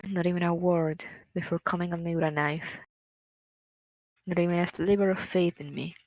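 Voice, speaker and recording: A woman voicing a despairing young man who hates himself, reading game dialogue aloud in a slow, brooding way. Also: lowish voice, flat delivery, darkish tone, no room sound, lightly acted, poor audio. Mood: bitter, despairing. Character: despairing young man, bitter and self-hating. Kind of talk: reading visual novel lines aloud.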